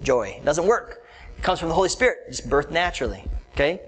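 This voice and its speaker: A man delivers an animated, conversational sermon, talking straight to his congregation. His voice sits a little higher than most men's. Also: a little fast, a little hiss or hum, poor audio. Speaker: pastor.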